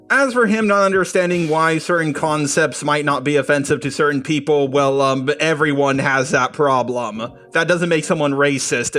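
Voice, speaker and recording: A man's voice: fairly high pitch, fairly bright tone. A man doing a sarcastic, combative rebuttal commentary voice-over, swearing now and then. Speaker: commentary youtuber.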